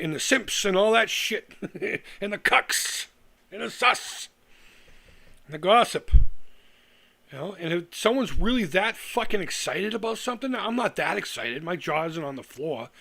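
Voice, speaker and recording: A middle-aged man vents on a live stream with a voice pitched a little higher than most men. He swears freely, turns sarcastic and trips over his own words as he goes. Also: fairly bright tone. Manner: heated, profane, sarcastic, with restarts. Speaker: retro gaming YouTuber on a live stream. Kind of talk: profane ranting live stream monologue.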